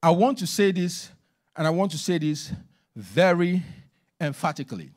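A man preaches a sermon in a church, his voice set high and leaping across a wide, animated range. He drives points home emphatically, then sinks into hushed asides. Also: normal speed, pauses often. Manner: emphatic preaching, swings between loud and hushed. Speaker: minister.

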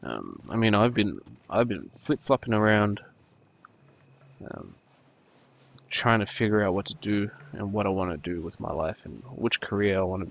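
A man's voice: fairly low pitch, sing-song, normal speed, vocal fry, highs cut off. A man of twenty-two from New Zealand with an Australian accent, rambling hesitantly about himself with many ums and restarts while he plays a game. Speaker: gaming YouTuber. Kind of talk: rambling talk over gameplay.

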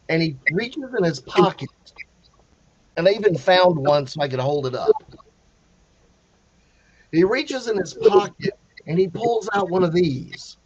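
A man telling a story in a casual, animated way, acting out the quotes with many restarts. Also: high-pitched, moderate pace, long pauses, dull audio. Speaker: panel guest telling a story.

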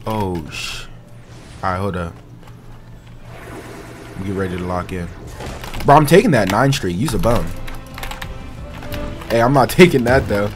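Young male streamer, lively taunting trash talk over gameplay, faint music behind. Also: medium pitch. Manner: trash-talking, taunting, repetitive. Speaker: gaming streamer. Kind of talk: casual gameplay commentary.

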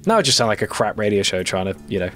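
A man's voice: lowish voice, very animated, rapid-fire, a bit bright, faint music behind. A man in his twenties hosting a let's play, giving casual, rambling and self-deprecating commentary while he plays a card game.

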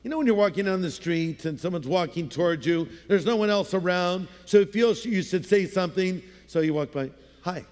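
A high-pitched man preaches from a stage mic, his voice ringing out through a long church-hall reverb. He tells his story in an easy, conversational way and slips into playful voices now and then. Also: animated, brisk, hardly any pauses, a little mellow. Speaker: pastor. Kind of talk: sermon.

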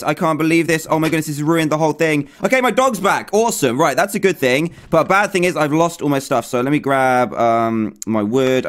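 Excitable young man panicking over his game. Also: mid-range voice. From England. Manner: excitable, panicky, talks to himself nonstop. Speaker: gaming YouTuber. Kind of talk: let's play commentary.

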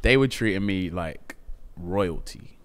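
A man's voice: deep voice, slow. A man from England with a British accent, a guest telling stories in a casual podcast chat and laughing often. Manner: animated storyteller, laughs often.

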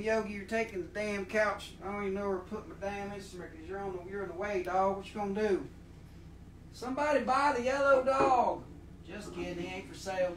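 A man's voice: high-pitched, bright, forceful tone, a little hiss or hum. A man with an Appalachian accent hosting a live crystal sales stream, joking around in a goofy, slangy drawl. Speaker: livestream host selling crystals.

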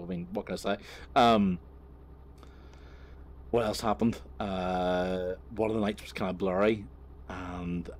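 A young man rambles through a crude story from behind the wheel, swearing constantly and chuckling. His voice is on the low side, picked up by a camera inside the car with faint road noise behind. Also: a little mellow. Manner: profane, rambling, laughing. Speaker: vlogger. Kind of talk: rambling anecdote while driving.

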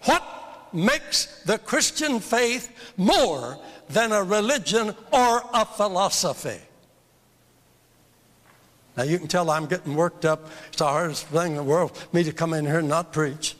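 A man's voice: high-pitched, expressive, measured pace, a bit bright. An older man teaching a church seminar in a fervent, emphatic sermon style, repeating phrases for emphasis. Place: church hall. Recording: long reverb of a large hall.

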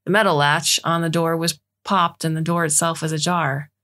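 A woman narrating a short story in a steady, measured way. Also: sits low.

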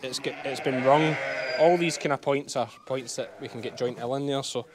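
A man's voice: mid-range voice, steady tone, normal speed, noisy background. A Scottish man, a sheep farmer, chatting casually and explaining as he works outdoors on his farm. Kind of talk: casual vlog narration while working.

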